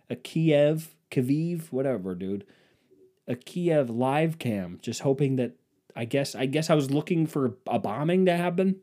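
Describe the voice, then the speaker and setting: A man's voice: mid-range voice, dark tone. A man hosting his own podcast, delivering a profane, sarcastic, rambling comedic rant. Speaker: podcast host. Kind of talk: casual comedic monologue.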